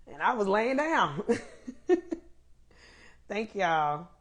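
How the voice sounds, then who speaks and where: A woman's voice: medium pitch, big pitch swings, drawn-out words. A woman hosting a casual live stream, greeting viewers by name and laughing often while she waits for her guest, speaking.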